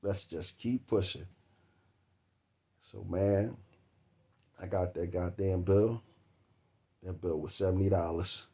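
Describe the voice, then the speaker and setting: A man, telling a long comic story about a date that cost him, laughing between words and swearing freely. His voice sits a little low. The delivery is loose and conversational. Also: steady tone, slow pace, pauses often, mellow. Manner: profane, laughing through the story. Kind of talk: comedic storytelling monologue.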